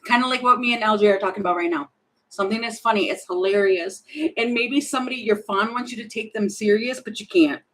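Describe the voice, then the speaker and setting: A woman's voice: mid-range voice, fast, a bit bright, rough recording. A woman doing a casual, spontaneous tarot reading, thinking aloud, rambling and giggling as she goes. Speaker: tarot reader.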